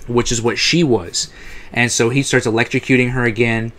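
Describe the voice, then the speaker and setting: A man's voice: mid-range voice, steady tone, fairly quick. Fields: Sex: man. Role: episode reviewer. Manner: rambling, casual, swearing. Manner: rambling, many fillers and restarts, frequent swearing.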